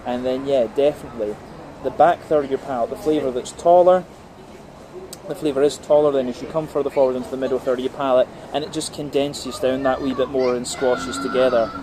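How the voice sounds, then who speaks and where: A man's voice: mid-range voice, steady tone, brisk, background noise. A man giving a casual, methodical beer tasting review, talking through the flavours layer by layer with plenty of ums and uhs. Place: on a brewery visit.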